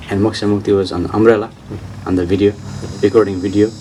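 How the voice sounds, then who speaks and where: A man giving an informal spiritual talk and answering questions, repeating his points insistently in slightly broken English and laughing softly. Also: on the low side, little pitch movement, fast, distant mic, a little hiss or hum, poor audio. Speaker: spiritual teacher.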